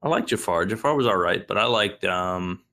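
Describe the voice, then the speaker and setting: American guy hosting a chill podcast, kinda low voice, swears a lot, lots of ums. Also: lively intonation, moderate pace, sharp tone. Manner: laid-back, swears freely, trails off with ums. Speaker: podcast host. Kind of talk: casual banter.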